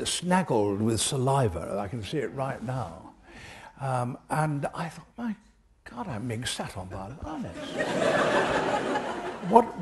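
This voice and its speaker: An older man, an interview guest, spinning animated anecdotes with a gravelly, creaky texture to his voice. His pitch swings widely as he tells a story, and now and then he chuckles along. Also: a little hiss or hum.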